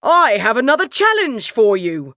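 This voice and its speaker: A jolly storybook king voiced by a woman, slightly high and full of lively swoops, unhurried and grand. Every line lands with hearty emphasis. The voice sits dry and close to the mic. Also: no echo. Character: jolly, generous old king, grand and eager. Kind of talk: storybook character voice.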